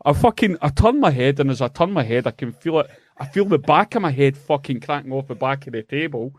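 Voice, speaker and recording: A middle-aged Scottish man tells a long story on a podcast, swearing freely and laughing through it. His voice sits at a medium pitch. The sound is close and dry, with no room echo. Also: lively intonation, brisk. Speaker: podcast co-host. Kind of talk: casual storytelling chat.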